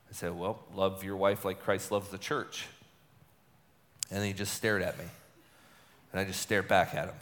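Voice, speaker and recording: A man's voice: deep voice, a little fast. Man telling his story in a reverberant hall. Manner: animated storytelling, acts out quoted dialogue. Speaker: speaker telling a personal story. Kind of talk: personal testimony talk.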